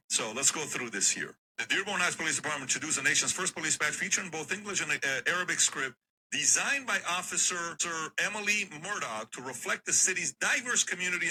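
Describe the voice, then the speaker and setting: A man's voice: a little high, pushed and bright, a little hiss or hum, poor audio. A man hosting a podcast, reading a news item aloud with fillers and small stumbles. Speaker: podcast host.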